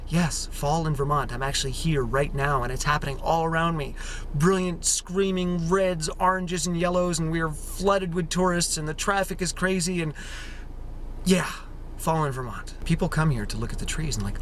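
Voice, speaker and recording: A man's voice: on the high side, moderate pace, fairly bright tone, a little hiss or hum. A man hosting his own vlog outdoors, talking in a playful, theatrical way and acting out other people's voices. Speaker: vlog host, raw-food runner. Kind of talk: casual outdoor vlog monologue. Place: outdoors among autumn trees.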